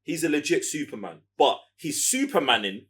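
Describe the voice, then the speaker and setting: Man, casual podcast co-host, slightly high voice, animated, repeats words for emphasis. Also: normal speed. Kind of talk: casual chat.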